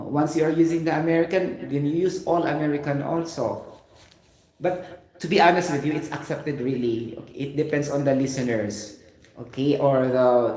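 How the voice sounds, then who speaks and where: A man's voice: medium pitch, a little mellow. Male teacher, casual rambling explainer, keeps checking "get the point?", roomy echo. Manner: talky, repeats "you get the point", spells words out. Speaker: English teacher. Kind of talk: casual spoken lesson.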